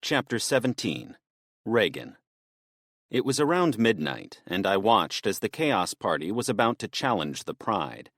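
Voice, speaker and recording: A man narrating a fantasy audiobook in the first person with an expressive reading. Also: lowish voice, a little slow, no echo, studio quality.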